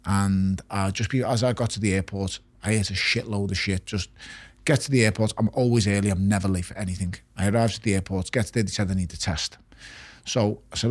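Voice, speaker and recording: A man's voice: lowish voice, steady tone, normal speed, no echo. A middle-aged man, a retired boxer talking candidly in an interview, blunt and swearing. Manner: blunt, swears often, repeats words when emphatic. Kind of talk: candid podcast conversation.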